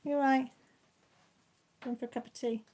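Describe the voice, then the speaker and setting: A woman's voice: high-pitched, steady tone, normal speed, a little mellow. A woman chatting casually to viewers by name on a crafting live stream at home, rambling from one thing to the next.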